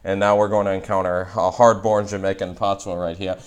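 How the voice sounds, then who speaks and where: A young man with a New England accent, hosting a casual language video where he reads aloud and explains as he goes, thinking out loud with many fillers and restarts. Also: sits low, level tone, smooth. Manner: thinking aloud, frequent fillers and restarts, slow careful spelling.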